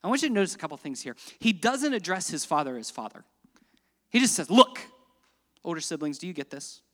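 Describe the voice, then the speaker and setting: A man preaching a sermon, swinging dramatically between loud emphatic lines and hushed, quiet ones. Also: on the high side, sing-song, fast, in a large hall. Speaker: pastor.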